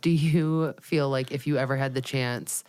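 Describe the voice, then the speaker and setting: A young adult woman, a comedian guest, riffing in improvised comedy banter with a playful, deadpan delivery and frequent laughter. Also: very deep voice, moderate pace, clear, resonant tone.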